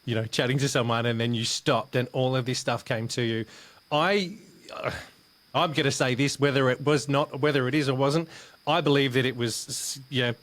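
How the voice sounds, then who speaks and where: A man's voice: medium pitch, fairly even intonation, fairly bright tone. Man podcast host, earnest, stops and restarts a lot. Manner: earnest, halting, many restarts. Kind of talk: podcast interview.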